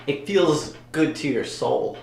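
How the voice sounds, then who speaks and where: A man running a tabletop game as game master, describing scenes in a lively, easygoing way. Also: on the high side, slow pace, gravelly. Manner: descriptive, laughing easily. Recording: echoey room with background noise.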